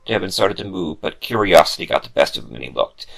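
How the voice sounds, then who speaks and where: A man reading a horror story aloud as a host, in a hushed, ominous way, recorded live in a comic store. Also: deep voice, very animated, fast, creaky, low-quality recording. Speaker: horror author and show host.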